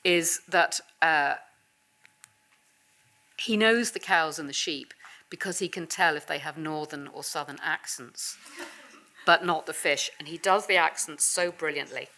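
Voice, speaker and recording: A woman's voice: sits low, measured pace, long pauses, sharp tone. A woman giving a visiting professor's seminar talk, conversational and full of small restarts. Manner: conversational, with fillers and self-corrections. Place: university seminar room.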